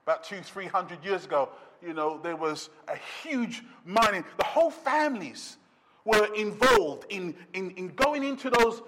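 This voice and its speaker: A man preaching a sermon as pastor, emphatic, slowing down to stress words and dropping to a quiet intensity. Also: high voice, lively intonation, noisy background.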